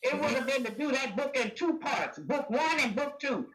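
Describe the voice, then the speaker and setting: A woman's voice: sits high, expressive, normal speed, distant mic, poor audio. An older woman guest in casual chat, blunt and teasing with a folksy way of talking.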